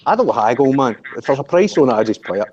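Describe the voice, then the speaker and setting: A man's voice: mid-range voice, big pitch swings, fast, highs cut off, crowd noise. A Scottish man with a Glaswegian accent, chatting casually and telling sweary, jokey stories. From Scotland. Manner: sweary, jokey storytelling with laughs. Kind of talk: casual group chat.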